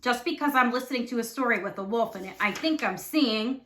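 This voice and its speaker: Lady playing a chatty curious schoolboy, bright and lively, roomy sound. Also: on the high side, a little fast, far from the mic, slight background noise. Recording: echoey room.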